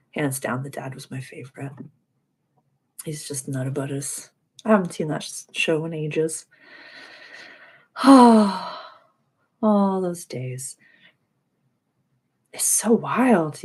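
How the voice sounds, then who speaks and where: A woman hosting a spiritual self-help video, talking in a casual, loose, rambling way from her own room. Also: low-pitched. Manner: conversational, loose and rambling with "like" and "dude". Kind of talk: casual reflective monologue.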